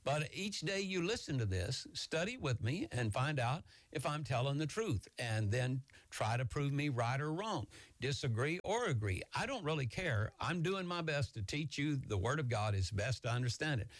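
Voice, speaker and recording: A man preaching a Bible-teaching sermon as a pastor, talking fast and excitedly in a folksy, homespun way. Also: medium pitch, dry recording.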